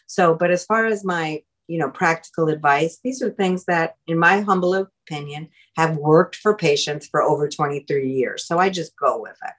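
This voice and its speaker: A middle-aged woman hosting a podcast, chatting casually in an animated, easy-laughing way. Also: low voice, moderate pace, few pauses. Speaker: podcast host. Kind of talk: casual chat.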